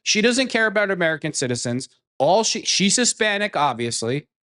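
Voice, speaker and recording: Guy ranting over clips on his commentary show, sneering and mocking, voice sits a bit high. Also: big pitch swings, fairly quick, bright, forceful tone. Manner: scornful, mocking, swears.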